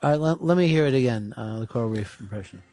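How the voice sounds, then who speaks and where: A man's voice: medium pitch, lively intonation, quick pace, mellow, no room sound, faint music behind. A man hosting a radio talk show from a studio, who asks dry, pointed questions and takes calls.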